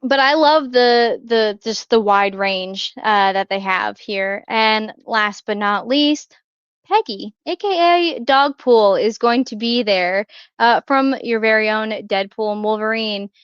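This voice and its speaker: A woman's voice: a little high, takes it slowly, smooth, no echo, lo-fi sound. A woman co-hosting a pop culture podcast, chatting casually with lots of fillers, restarts and small laughs. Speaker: podcast co-host. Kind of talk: casual chat.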